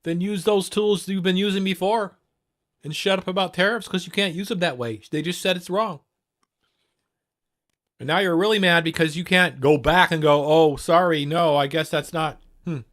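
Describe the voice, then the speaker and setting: A man's voice: high-pitched, normal speed, a bit bright. A man hosting a livestream who reacts to a clip with heated, sarcastic, profanity-filled commentary. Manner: heated, sarcastic, swears constantly.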